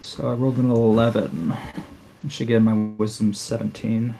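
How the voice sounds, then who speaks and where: A man's voice: fairly low pitch, flat delivery, moderate pace, vocal fry, noisy background. A man playing a tabletop role-playing game, thinking aloud hesitantly. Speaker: player. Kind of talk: casual chat.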